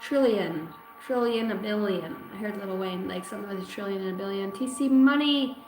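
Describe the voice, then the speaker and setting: A woman's voice: mid-range voice, fairly quick, a little mellow. A woman in her thirties doing a casual livestream card reading, bantering playfully with viewers and swearing freely. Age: 30s. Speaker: tarot and oracle card reader. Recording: echoey room with faint background music.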